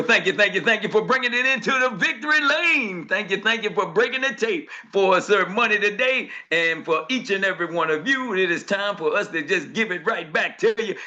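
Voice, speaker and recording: A man's voice: high-pitched, expressive, normal speed, hardly any pauses, sharp tone, lo-fi sound. A man hosting a motivational morning call, speaking in a rhythmic, preacher-like cadence full of repeated thanks.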